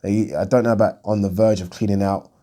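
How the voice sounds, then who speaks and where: Male host, casual solo boxing commentary, low and warm delivery, blunt and chatty. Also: steady tone, quick pace. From United Kingdom. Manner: chatty and blunt, thinking aloud with frequent ums.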